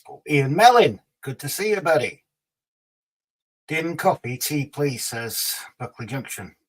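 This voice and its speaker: A Scottish man with a medium-pitched voice hosts a casual livestream, reading viewer comments aloud and teasing them in a chatty way. The recording quality is low.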